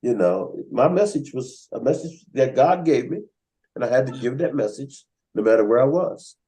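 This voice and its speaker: A man with a mid-range voice, speaking at normal speed, hosts a writers' workshop on a video call and tells stories casually. He's an animated storyteller who acts out the people he quotes. The recording is rough.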